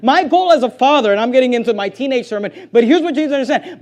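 A middle-aged man preaches a sermon in a church in a high voice for a man. He drives his points home with emphasis and sudden loud bursts. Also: lively intonation, fast, hardly any pauses. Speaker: pastor.

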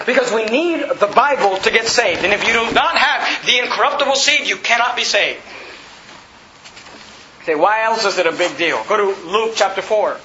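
A male pastor preaching an emphatic sermon to a congregation, repeating his points and rising to shouts. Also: extremely high pitch. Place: church hall. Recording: roomy, slightly dull, congregation audible. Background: congregation responding.

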